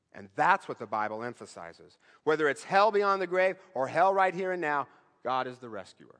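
High-voiced pastor preaching in a reverberant hall. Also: male voice. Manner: conversational preaching with rhetorical questions; rises to emphatic bursts, then drops low and quiet. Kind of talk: sermon.

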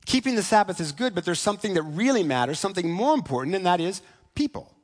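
A man preaching a sermon in a conversational way, often asking "right?" and slowing down for key points. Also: high-pitched, very animated. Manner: conversational, asks "right?" often, slows for emphasis. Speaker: pastor.

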